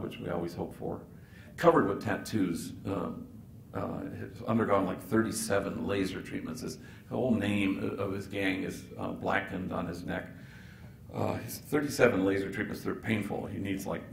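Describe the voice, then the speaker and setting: Gravelly priest telling a story in a hall. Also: male voice, medium pitch. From Los Angeles. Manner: animated storyteller acting out dialogue, playful asides. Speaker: priest giving a keynote address. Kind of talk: storytelling keynote speech. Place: large event hall. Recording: echoey hall recording with faint noise.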